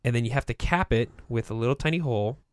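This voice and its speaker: A man's voice: medium pitch, expressive, fast talker. A man on a talk show, laughing as he tells a work story casually and acts out his coworkers' lines. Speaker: guest.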